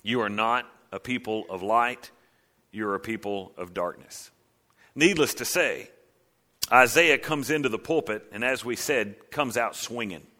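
A man preaching a sermon with dramatic swings from low, hushed lines to loud cries. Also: unhurried. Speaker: pastor.

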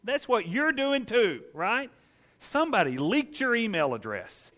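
A man preaching a sermon as pastor, telling the story with animated, playful asides, in a church. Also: high voice, measured pace. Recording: echoey hall.

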